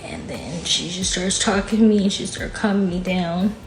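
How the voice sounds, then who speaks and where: A woman's voice: lowish voice, moderate pace. A woman guest telling a painful personal story in a casual, frank way, with lots of "like". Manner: casual, frank, fills speech with "like". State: emotional, near tears at times. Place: podcast studio. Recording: echoey room with faint music.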